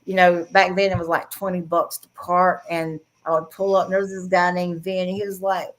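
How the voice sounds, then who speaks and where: A middle-aged woman with a Southern accent is a guest in a casual storytelling interview, sharing frank stories and laughing often. Her voice is on the low side with a level tone, and she talks briskly with few pauses.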